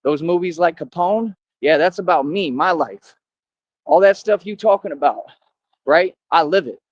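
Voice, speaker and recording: A man's voice: a little high, expressive, moderate pace, dry recording, muffled recording. A man vlogging outdoors, boasting and confronting his viewers in slang-heavy street talk.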